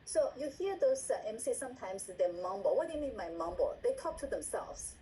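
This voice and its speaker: Mellow-voiced woman coaching on a video call. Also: a little high, big pitch swings, a little fast, slight background noise, poor audio. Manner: repeats words, asks "right?" often, acts out example lines. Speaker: meeting trainer. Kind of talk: instructional talk on a video call.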